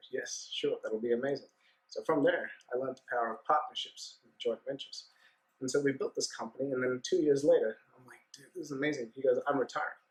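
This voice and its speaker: A man, a guest on a business podcast, telling his story in a relaxed, chatty way and acting out the dialogue. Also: medium pitch, rough recording. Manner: animated anecdote-telling with acted-out dialogue. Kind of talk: casual storytelling interview.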